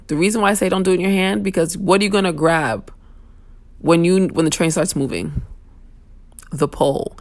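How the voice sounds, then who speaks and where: A young woman rants bluntly in a casual talk, sassy and unfiltered, cursing freely. Her voice sits on the low side and has a gravelly, fry-laden edge. The sound is close and dry. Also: no room sound. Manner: blunt, sassy, profane venting. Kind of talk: casual opinion rant.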